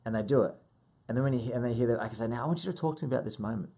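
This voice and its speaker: A man in his thirties coaching a sales team, swearing freely and acting out client calls with big jumps in pitch. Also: racing, warm tone, slightly rough.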